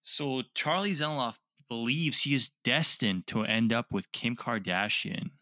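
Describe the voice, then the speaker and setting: A man co-hosting a casual podcast, telling a story with lively acted-out quotes. His voice has a bright, forward edge. It sounds dry and close to the mic. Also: medium pitch, a little slow, no room sound. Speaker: podcast co-host. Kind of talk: casual chat.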